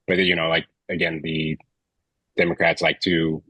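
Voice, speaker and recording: A man from California speaks as a podcast guest in a very deep, husky voice. He talks haltingly, repeating words as he gropes for his point. The recording is dry and close. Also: level tone, sharp tone, no echo, rough recording. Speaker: podcast guest, fitness professional. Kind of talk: casual political chat.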